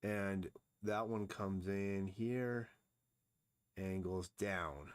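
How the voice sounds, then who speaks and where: A man's voice: low-pitched, steady tone, extremely slow. A man streaming himself as he draws, talking casually and thinking aloud, often mumbling to himself. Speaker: comic artist streaming his drawing. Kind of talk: casual live-stream narration while drawing.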